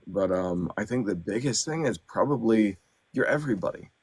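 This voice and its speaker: A man, an audiobook narrator and actor, chatting as a podcast guest in an animated way with lots of fillers. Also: fairly low pitch, moderate pace, breathy edge, no echo. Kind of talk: casual podcast chat.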